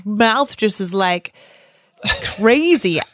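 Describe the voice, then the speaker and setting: A woman co-hosting a podcast in casual chat, playful and quick to laugh. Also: mid-range voice, lively intonation, no echo, studio quality. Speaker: podcast co-host.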